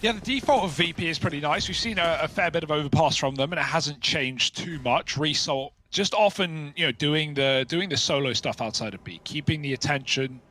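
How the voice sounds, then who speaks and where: A man's voice: fairly high pitch, sharp tone. A man commentating a live esports match, with a playful, joking manner.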